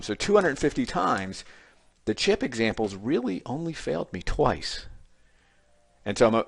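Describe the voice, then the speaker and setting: A man's voice: on the low side, a bit bright, no room sound. A middle-aged man teaching statistics in a recorded lecture video, telling a classroom story in a conversational way with folksy asides. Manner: conversational storytelling with quoted student voices. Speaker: statistics instructor.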